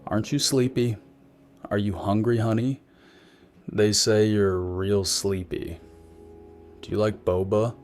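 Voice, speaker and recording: A man voicing a creepy, toothless woman passenger who speaks in a soft, coaxing sing-song. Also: fairly low pitch, moderate pace, vocal fry.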